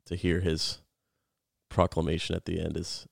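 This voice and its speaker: Man, podcast co-host, earnest Bible chat, low voice, dry close mic. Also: monotone, moderate pace, vocal fry, no echo. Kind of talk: casual Bible study chat.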